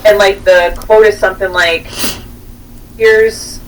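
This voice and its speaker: A woman co-hosts a movie chat in a relaxed, hesitant way, pausing with fillers as she explains. She sits some distance from the mic. Faint background noise runs under her voice. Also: medium pitch. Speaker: podcast co-host. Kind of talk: casual chat about movies.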